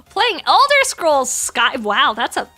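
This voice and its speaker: A woman's voice: high voice, huge pitch swings, slow pace, bright, forceful tone, faint music behind. A woman in her thirties chatting casually on a livestream, playful, laughing often and swearing freely. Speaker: streamer.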